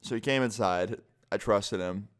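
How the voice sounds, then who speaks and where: A man's voice: on the low side, normal speed. Young man telling a story, lots of swearing. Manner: casual, heavy swearing, lots of "like". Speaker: vlogger. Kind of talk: storytime vlog.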